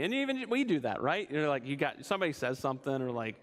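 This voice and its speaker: A man's voice: on the high side, very animated, quick pace. A man leading a church Bible study in a conversational way, often asking the group questions.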